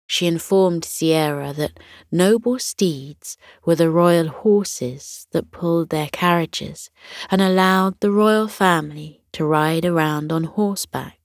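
A woman narrating a bedtime story for children in a gentle, unhurried way, at times dropping to a whisper. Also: on the low side, dry recording, clean studio sound.

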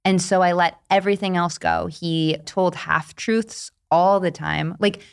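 A woman's voice: fairly low pitch, a little slow, creaky, clean tone. A woman author as an interview guest, telling personal stories candidly and acting out quoted lines. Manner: candid storytelling, animated, acts out quotes. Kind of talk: casual interview chat.

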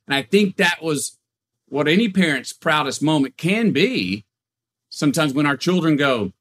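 A man who is a guest on a podcast, talking in a casual, animated storytelling way with frequent restarts and repeated words. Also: fairly high pitch, fairly quick.

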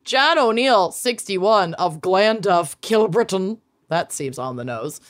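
Animated woman co-host reading news. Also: mid-range voice, slow. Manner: reads quotes aloud with laughing asides. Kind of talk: casual chat.

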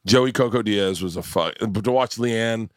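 A man's voice: fairly low pitch, moderate pace. Rambling, swearing male podcast host. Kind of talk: casual chat. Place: tour bus.

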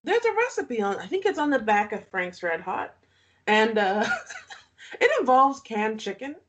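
A woman's voice: fairly high pitch, very animated, unhurried. A woman co-hosting a podcast in casual chat, playful and teasing, gushing with enthusiasm. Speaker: podcast co-host.

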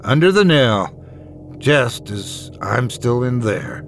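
A man voicing a deranged, obsessive young woman who whispers and giggles in an unhinged, breathy way. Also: mid-range voice, big pitch swings, takes it slowly, slight background noise. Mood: whispering.

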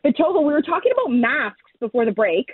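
A woman hosting a chat show who asks questions and drops quick, lively asides. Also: sits high, husky, no echo. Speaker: host. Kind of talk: casual chat. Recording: dry tinny phone line.

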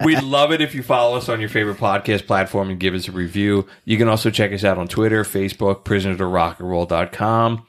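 A man's voice: lowish voice, fast talker, hardly any pauses. A man hosting a podcast, chatting loosely among friends, swearing casually and wrapping up the show. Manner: laid-back, swears casually, reads the outro. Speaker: podcast host. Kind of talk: casual chat.

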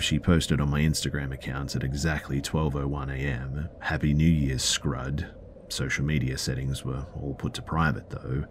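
A man hosting a podcast, reading a listener's first-person story aloud in a measured storytelling way with the odd filler. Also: extremely low pitch, a little mellow, slight background noise. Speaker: podcast host.

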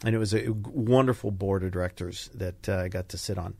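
A man's voice: deep voice, a little fast, gravelly, husky, no echo. An older man, a retired fighter pilot, telling stories in a casual interview and acting out the people he quotes. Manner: animated storyteller, acts out quoted voices. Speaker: podcast guest, retired Navy fighter pilot.

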